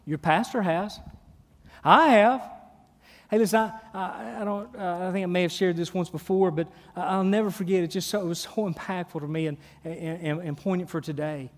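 A middle-aged man preaching a sermon, his voice sitting high for a man. He is emphatic and animated, repeating words as he drives points home with questions. His voice rings out with long reverb through a big church hall. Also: fairly quick, few pauses. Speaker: pastor.

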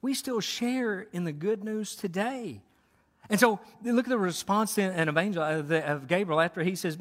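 Lively high-voiced male pastor preaching. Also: moderate pace. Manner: lively and conversational, acting out quotes. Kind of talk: sermon. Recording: long hall reverb.

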